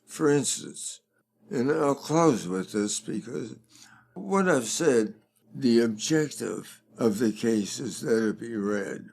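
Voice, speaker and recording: An older man, a fundraising expert, talking slowly and deliberately as a guest in a conversational interview. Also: medium pitch, expressive, vocal fry, a little mellow.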